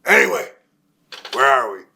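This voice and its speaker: A man's voice: mid-range voice, expressive, normal speed, creaky, background noise. An older man from Nebraska telling long stories in a career interview, rambling with many fillers and restarts. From Nebraska, USA. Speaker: retired pro wrestler, guest.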